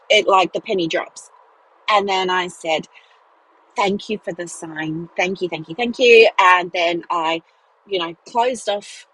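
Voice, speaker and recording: A woman's voice: mid-range voice, fairly bright tone, husky, low-quality recording. A woman hosting a podcast, telling a personal story in a chatty, casual way with frequent fillers, speaking while driving. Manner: chatty, many "like" fillers and laughs. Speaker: podcast host, business mentor. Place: in a car, driving.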